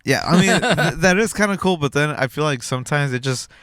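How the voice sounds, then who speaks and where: A man co-hosting a podcast in relaxed casual chat, with a lot of easy agreeing and filler words. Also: fairly high pitch, fairly quick, no echo. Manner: laid-back, lots of agreeing fillers. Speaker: podcast co-host.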